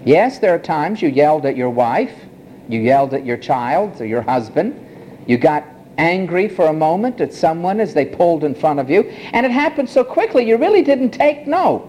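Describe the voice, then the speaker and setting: A man preaching a sermon, slow and emphatic, with dramatic pauses and rising, swelling phrases. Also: fairly high pitch, very animated, a little mellow, slight background noise, rough recording.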